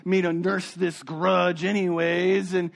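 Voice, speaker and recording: A man preaching a sermon as a pastor, earnest, dropping low and soft for emphasis and often repeating words as he searches for them. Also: little pitch movement, slow pace, vocal fry.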